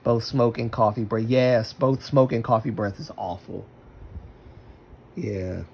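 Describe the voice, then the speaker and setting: A man's voice: medium pitch, unhurried, darkish tone, slightly rough. A man chatting casually on a livestream, rambling and talking to himself while using his computer.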